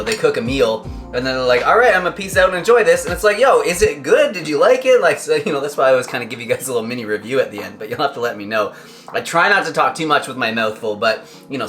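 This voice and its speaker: Chatty man hosting a cooking vlog. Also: medium pitch. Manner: chatty, relaxed, laughs often. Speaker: vlog host. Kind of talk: casual chat to camera while cooking and tasting.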